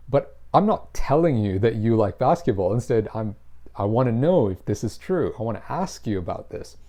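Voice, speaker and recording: Man, English teacher, mellow warm tone, patient explanation, middle pitch. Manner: patient, explanatory, stresses example phrases. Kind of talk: scripted lesson to camera.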